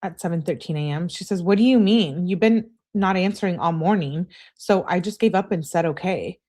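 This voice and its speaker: A woman's voice: on the low side, moderate pace, mellow. Woman reading texts on a livestream. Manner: reads texts with "she says" tags, chats with viewers. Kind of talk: live stream reading aloud.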